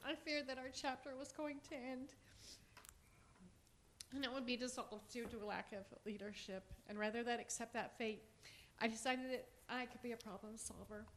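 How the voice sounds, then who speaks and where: A woman's voice: on the high side, a bit bright, a little hiss or hum. A middle-aged woman, a teacher giving an earnest prepared statement at a public forum. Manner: earnest, measured, reading a speech.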